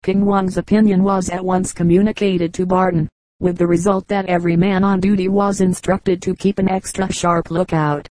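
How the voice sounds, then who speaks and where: A woman narrating an adventure novel in a steady, even reading that also voices the dialogue. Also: fairly low pitch, moderate pace, no room sound, rough recording. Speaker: audiobook reader. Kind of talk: scripted narration.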